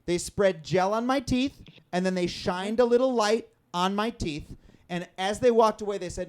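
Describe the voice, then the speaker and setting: A man performing a stand-up comedy set on a club stage, telling a story with sudden shouted outbursts. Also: sits high, normal speed. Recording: live audience in a club.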